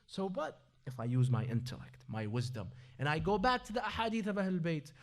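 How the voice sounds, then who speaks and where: A man. He swings between loud, pleading peaks and low, earnest stretches, quoting scripture with feeling. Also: animated, fairly quick. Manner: dramatic, shifting from loud pleading to low earnest tones, quotes Arabic scripture. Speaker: preacher. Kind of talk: sermon.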